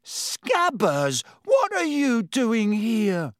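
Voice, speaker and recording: A man's voice: high voice, sing-song, a little slow, vocal fry, fairly bright tone, slightly rough, no echo, pitched above the performer's own voice, heavily acted. A flustered teenage boy , as a male narrator puts him on, hissing and frantic, his voice raised above the narrator's own. Close and dry, like a studio audiobook. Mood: coaxing. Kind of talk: audiobook character voice.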